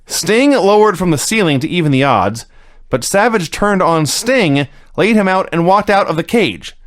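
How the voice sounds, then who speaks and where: Wry, lively man on a dry mic. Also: sits high, normal speed, dry recording. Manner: wry, deadpan jokes with frequent chuckles. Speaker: podcast co-host recapping wrestling. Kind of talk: casual podcast chat.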